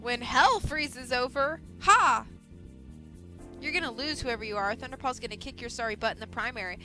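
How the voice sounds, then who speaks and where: A woman's voice: a little high, racing, bright, forceful tone, soft background music, rough recording. A woman doing a jeering cat bully. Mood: mocking. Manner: mocking, gloating taunts. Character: jeering, boastful male cat rival.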